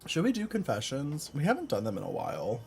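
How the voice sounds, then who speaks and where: A man's voice: mid-range voice, huge pitch swings, quick pace, creaky, slight background noise. A man live-streaming from home, chatting casually with viewers, rambling with lots of fillers and frequent laughs. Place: home room.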